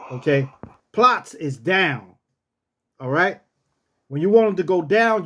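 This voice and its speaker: A man tells a casual story in a high, a bit bright voice that swings widely in pitch with lively intonation. He talks slowly and loosely, then barks each command roughly like a drill sergeant. He's a storyteller host.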